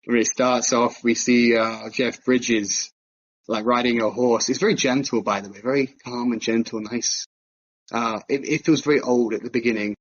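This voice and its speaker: A man talks films on a podcast in an easy, rambling way, with frequent ums and restarts. His voice sits in a middle pitch. The recording is dry and a bit muffled. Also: steady tone, moderate pace, no room sound. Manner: chatty, thinks aloud with fillers and restarts. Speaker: podcast co-host. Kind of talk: casual film podcast chat.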